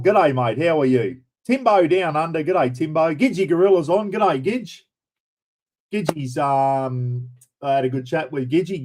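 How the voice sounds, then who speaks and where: A man's voice: medium pitch, darkish tone, low-quality recording. An Australian man hosting a livestream in casual chat, blunt and chatty, with mild swearing as he greets viewers by name. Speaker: livestream host.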